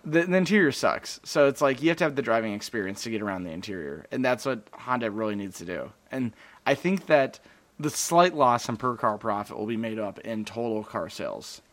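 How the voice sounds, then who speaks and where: A man's voice: medium pitch, a little fast. Rambling man talking cars. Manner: rambling, animated, self-interrupting. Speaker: podcast co-host. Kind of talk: casual car talk.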